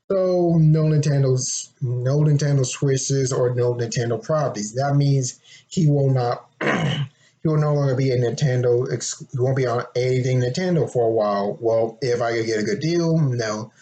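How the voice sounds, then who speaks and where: A young man talking casually and rambling, clearing his throat often, his voice a bit hoarse. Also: mid-range voice, moderate pace, warm tone, low-quality recording. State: a little hoarse, throat getting sore. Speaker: fan presenting his game concept. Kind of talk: casual unscripted monologue.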